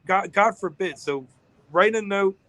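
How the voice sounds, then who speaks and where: Guy running a business, rambling emotional story on a podcast, bright voice, dry sound. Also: sits high, measured pace, dry recording, rough recording. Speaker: business owner guest.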